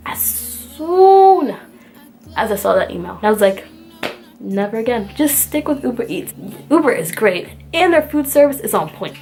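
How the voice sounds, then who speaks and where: A young woman from the United States telling a storytime to her viewers in an exasperated, animated way, acting out both sides of the argument. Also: a little high. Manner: animated, exasperated, acts out the dialogue. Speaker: vlogger. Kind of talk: storytime rant.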